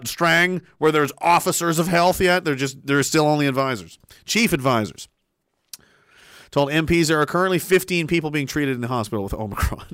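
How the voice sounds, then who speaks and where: Livestream host, male, slightly high voice, lively swinging delivery, dry close sound, crude sarcastic banter. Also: clear, resonant tone, no echo. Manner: animated, crude, sarcastic, laughs often. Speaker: livestream host reading chat. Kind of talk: casual ranting livestream chat.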